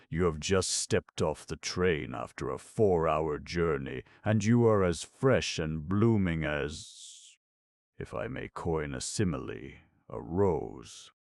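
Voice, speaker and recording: A man voicing a suave, verbose young gentleman who talks in elaborate, mock-solemn phrases. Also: rumbling low, sing-song, slow, vocal fry, no room sound, clean studio sound, heavily acted. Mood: gallant.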